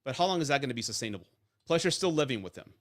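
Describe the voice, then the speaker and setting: This male host speaks rapid-fire at a medium pitch with lively intonation. Running a live divorce-and-dating advice stream, he keeps it casual, blunt and profane, with stories peppered by "right?".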